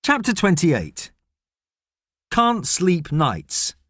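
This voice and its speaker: A man reading a novel aloud in measured scripted narration. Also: high-pitched, huge pitch swings, a bit bright, dry recording, studio quality. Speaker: audiobook narrator. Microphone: studio microphone.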